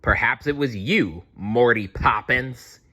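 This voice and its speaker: A man's voice: medium pitch, takes it slowly, pushed and bright, slightly rough, exaggerated voice. A man reading aloud and voicing a pompous, bumbling male detective in a grand, self-important manner. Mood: accusing.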